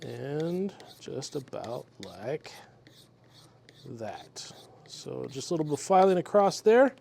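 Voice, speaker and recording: A man talking through a guitar repair step by step in his workshop, relaxed and methodical as he works with his hands. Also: medium pitch, slow, vocal fry, a little hiss or hum. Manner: relaxed, methodical, talks while working with hands. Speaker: luthier demonstrating a repair.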